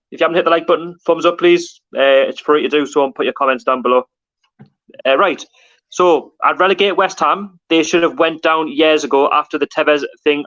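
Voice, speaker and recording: A man hosts a casual live stream, chatting and reading viewer comments aloud. His voice sits a little high. The audio is dull and lo-fi. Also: a bit bright. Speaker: livestream host.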